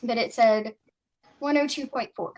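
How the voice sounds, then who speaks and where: Woman, high voice, casual stream panelist, animated storyteller. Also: unhurried. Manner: animated storytelling, quoting others. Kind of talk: casual chat.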